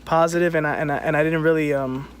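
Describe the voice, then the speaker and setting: A man's voice: on the high side, steady tone, slight background noise. Rambling young man co-hosting outdoors. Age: young adult. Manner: rambling, halting, lots of filler words. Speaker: co-host. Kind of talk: casual chat.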